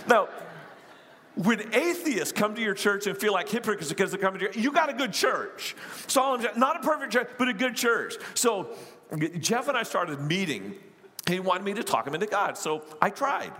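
Animated high-voiced male pastor preaching. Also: long reverb tail. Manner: animated storytelling, quick bursts and asides. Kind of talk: sermon.

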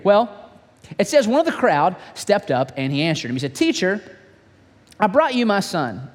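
A man preaching a sermon, dramatically retelling a story, acting out its voices and dropping to hushed whispers. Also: high-pitched, very animated, normal speed, big-room sound. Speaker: pastor.

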